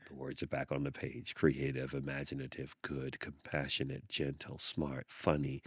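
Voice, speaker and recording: A man hosting a podcast, reading a picture book aloud with expressive storytelling and thoughtful hums. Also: very deep voice, moderate pace, hardly any pauses, breathy edge, dry recording, clean studio sound. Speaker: podcast host.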